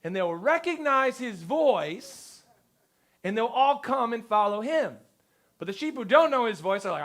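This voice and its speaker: Man, high voice, pastor, casual sermon, lively storytelling. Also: a little slow. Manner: lively storyteller who acts out quotes. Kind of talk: conversational sermon. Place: church service before a congregation.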